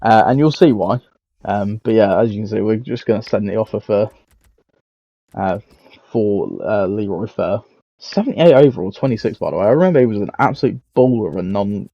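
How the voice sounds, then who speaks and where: A man's voice: lowish voice, dark tone, dry recording, muffled recording. A young man giving casual, rambling, self-mocking commentary on a football career game, swearing freely. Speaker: gaming YouTuber.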